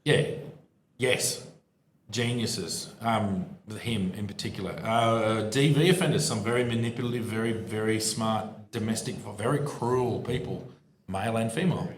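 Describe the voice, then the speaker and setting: A man's voice: fairly low pitch, moderate pace, roomy sound, a little hiss or hum. A man, a former police officer and podcast co-host, joking and laughing through banter at a live show. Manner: laughing, jokey asides. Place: pub venue with live audience.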